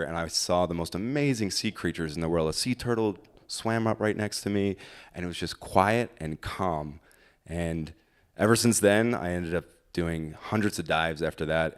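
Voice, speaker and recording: A man with a lowish voice recounts a personal story at a live storytelling night. He talks in an easy, conversational way, with dry, self-deprecating humor. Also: clean tone.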